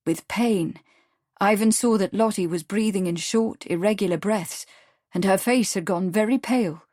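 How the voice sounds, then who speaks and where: A woman's voice: medium pitch, moderate pace, darkish tone, dry recording. Woman reading an audiobook, dry sound. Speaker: audiobook narrator. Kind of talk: scripted narration.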